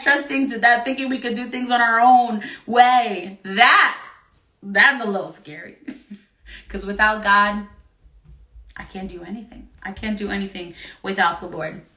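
A woman's voice: on the high side, sharp tone, echoey room. A young woman giving an earnest, encouraging devotional talk to an online audience, laughing often between points. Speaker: preacher.

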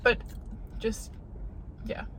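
A woman's voice: very slow, fairly bright tone, a little hiss or hum. A young woman chatting casually and laughing with her partner in a car. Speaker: co-host, girlfriend. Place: inside a car.

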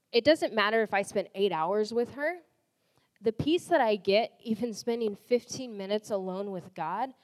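A woman's voice: mid-range voice, darkish tone. A young woman sharing a personal faith testimony in a candid, conversational way, full of "like" and restarts. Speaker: church volunteer giving a testimony. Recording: long hall reverb.

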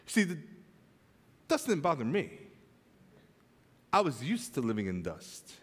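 A man preaching a sermon as pastor, telling a funny home story, then turning soft and earnest. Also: sits high, normal speed, pauses often, long reverb tail. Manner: storytelling with humor, swings from animated to soft and earnest. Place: church sanctuary.

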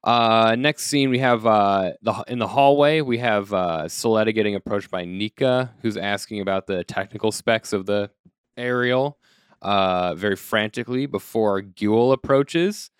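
A man's voice: fairly low pitch, moderate pace, clean tone, dry recording, clean studio sound. A man co-hosting a podcast, casually recapping an anime episode with frequent laughter. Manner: recaps scenes with laughter and quoted lines. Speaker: podcast co-host.

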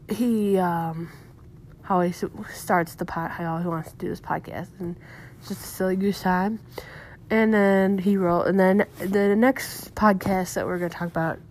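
A young woman talks through a show recap in a loose, meandering way, with her voice sitting at an ordinary middle pitch. She leans on "like" and "um," often restarting her sentences, and sounds relaxed and unscripted. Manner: rambling, heavy use of "like" and "um", frequent self-corrections. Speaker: podcast recapper. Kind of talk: casual recap monologue.

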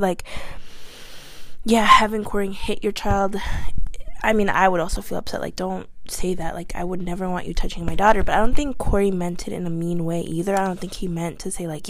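A woman hosting a casual celebrity gossip podcast, blunt and chatty, leaning on "like" and swearing freely. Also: medium pitch. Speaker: podcast host.

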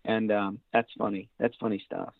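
A man's voice: fairly low pitch, little pitch movement, gravelly, dry recording. Man on a tinny phone line. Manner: rambling, slips into quick character voices. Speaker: voice actor guest. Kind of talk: casual interview chat.

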